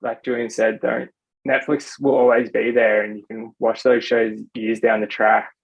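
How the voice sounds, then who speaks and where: A man's voice: medium pitch, little pitch movement, normal speed, husky. A young man and podcast guest, talking casually with lots of "like" fillers. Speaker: podcast guest, software developer. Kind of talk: casual chat. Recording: slightly dull lo-fi sound.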